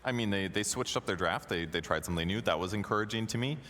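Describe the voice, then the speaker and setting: Deep-voiced man breaking down a match. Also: fast, pushed and bright, a little hiss or hum. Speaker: esports analyst. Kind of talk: casual analysis.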